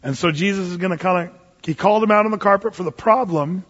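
Folksy male pastor, high husky voice, emphatic Bible teaching, muffled hall reverb. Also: quick pace, a bit bright. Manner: folksy, emphatic, chatty asides. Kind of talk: conversational verse-by-verse bible teaching. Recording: dull, echoey hall recording.

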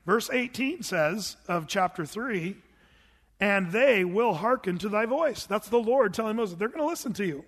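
A man's voice: high voice, moderate pace, in a large hall. A middle-aged man preaching a verse-by-verse sermon, telling stories animatedly and acting out voices. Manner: animated storytelling with acted-out voices. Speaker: pastor.

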